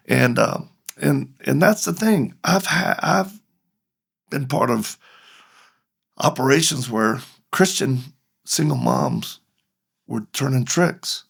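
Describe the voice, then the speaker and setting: Gravelly, husky man telling a lively story. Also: mid-range voice, measured pace, pauses often. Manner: animated storyteller, acting out both sides of dialogue and laughing. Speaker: guest speaker, ministry leader. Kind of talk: storytelling in a podcast conversation.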